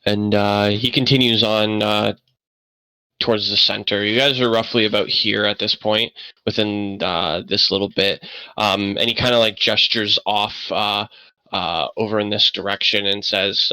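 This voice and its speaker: A man running a tabletop game as game master, in a lowish, bright, forward voice. He narrates in stops and starts, full of ums and uhs, close to the mic in a dry room. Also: steady tone, smooth, no room sound, low-quality recording. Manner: many fillers, halting, stop-start narration.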